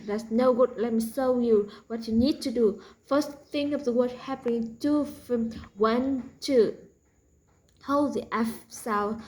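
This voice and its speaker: A woman with a Vietnamese accent teaching a pronunciation lesson, slowly repeating practice words for learners. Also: on the high side, darkish tone, rough recording.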